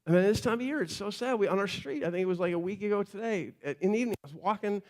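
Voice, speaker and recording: Male pastor, higher-pitched voice; sermon delivered like storytelling, hushed on the key lines. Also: lively intonation, racing. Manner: conversational storytelling, drops to quiet emphasis.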